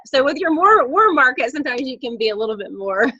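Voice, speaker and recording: A woman coaches her team over a video call, her voice bright and a touch high. She talks in a chatty, candid way, telling stories as she goes. The sound is dry and a little dull, as a laptop mic gives it. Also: fast, husky, no room sound. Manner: chatty, candid, lively storytelling.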